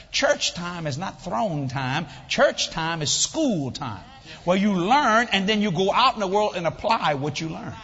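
An older man preaches with a high, animated voice that swings between playful asides and acted-out voices. His sermon carries long reverb from a large hall, with a slightly muffled, dull tone and faint room noise behind. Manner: animated storytelling, acts out voices, jokes with congregation. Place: church hall with audience.

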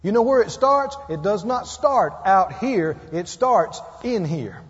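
A man's voice: sits high, lively intonation, measured pace. A man preaching a sermon, emphatic and calling out for amens from his listeners. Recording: muffled roomy hall.

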